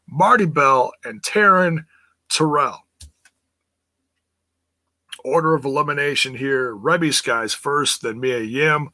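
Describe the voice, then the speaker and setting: Amused rambling man, bright voice. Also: a little high, no echo. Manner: rambling, amused, laughs often, restarts. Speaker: wrestling review host. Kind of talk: casual recap commentary reading live chat.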